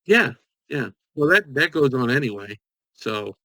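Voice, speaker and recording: Wry, deadpan comedian man. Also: mid-range voice, measured pace, dry recording. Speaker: comedian guest. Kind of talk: casual chat on a video call.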